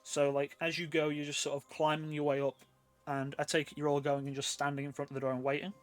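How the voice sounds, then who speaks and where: A man running a tabletop role-playing game, narrating scenes in a relaxed way with frequent fillers. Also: a little high, fast talker, soft background music. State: hiccuping. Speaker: game master.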